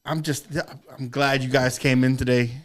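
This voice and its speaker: A man hosting a podcast, telling lively anecdotes casually with some swearing and laughter. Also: mid-range voice, normal speed. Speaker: podcast host. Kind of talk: casual chat, storytelling.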